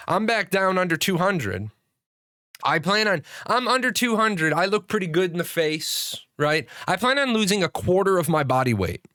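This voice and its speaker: Male gaming streamer, fairly high and forceful, profane live rant, dry sound, faint music bed. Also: dry recording. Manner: animated, swearing, frequent restarts.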